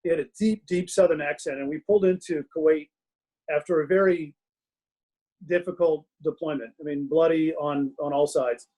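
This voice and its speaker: A middle-aged man with a voice a little high for a man, chatting easily as a guest in a casual interview. He tells self-mocking stories and laughs through them, speaking from his home den. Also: fairly even intonation, normal speed, dark tone, rough recording. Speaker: guest author.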